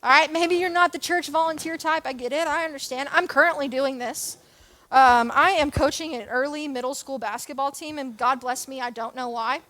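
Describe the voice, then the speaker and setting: Young woman youth leader, high pitch, casual self-mocking sermon delivery. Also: moderate pace. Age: young adult. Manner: chatty, self-deprecating, animated with jokes and asides. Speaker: church youth and kids leader.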